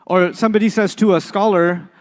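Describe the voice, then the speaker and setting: A man's voice: high-pitched, fairly even intonation, fairly quick, in a large hall. A man teaching an Arabic class, quizzing the students with call-and-response questions and playful examples. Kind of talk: classroom lecture.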